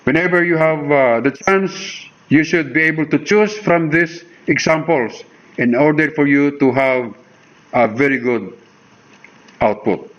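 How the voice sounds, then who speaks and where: Slow-talking Filipino male English teacher. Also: medium pitch, fairly bright tone, muffled recording. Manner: reads word lists one by one, explains with frequent "okay" and "all right". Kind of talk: slow, deliberate grammar lesson mixing English and Tagalog.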